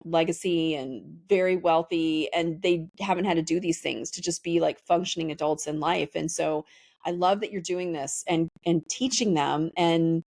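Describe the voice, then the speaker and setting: A woman's voice: low voice, steady tone, normal speed, vocal fry, a little mellow, no room sound, clean studio sound. A woman in her forties hosting a podcast, talking enthusiastically and affirming her guest. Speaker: podcast host. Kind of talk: conversational interview.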